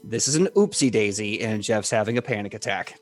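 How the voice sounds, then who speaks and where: A man narrating as game master in a tabletop game, talking loosely and joking, quick to laugh. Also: fairly low pitch, faint music behind.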